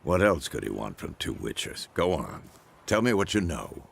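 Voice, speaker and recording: A grizzled old monster-hunting mentor from a fantasy video game, with an extremely deep voice and a rough, gravelly fry under it. He talks in a dry, seasoned, teasing way, like someone who has seen it all. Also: very animated, moderate pace, exaggerated voice. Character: grizzled old male witcher mentor, gruff and wry.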